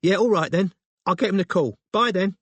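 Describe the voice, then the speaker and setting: A woman's voice: mid-range voice, fairly quick, breathy edge, dry recording, pitched above the performer's own voice, lightly acted. A man voicing a belligerent, wary adult woman with a London accent, speaking on a phone call in an audiobook. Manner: suspicious, curt, blunt.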